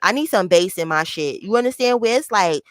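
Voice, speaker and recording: A woman giving casual live-stream commentary, blunt, profane and mocking, with a fairly high voice, talking straight to her chat. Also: expressive, fairly quick, no echo.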